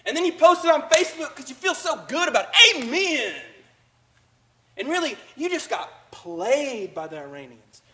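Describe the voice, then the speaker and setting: Animated, high-voiced male preacher. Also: a little fast, hardly any pauses, a little hiss or hum, rough recording. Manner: conversational preaching, acts out quoted voices. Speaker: pastor. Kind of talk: sermon. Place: church sanctuary.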